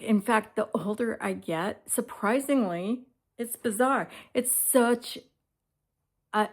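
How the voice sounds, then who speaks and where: A woman's voice: fairly high pitch, gravelly. A woman in her seventies talking candidly and reflectively in a casual personal vlog. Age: 70s. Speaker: lifestyle vlogger.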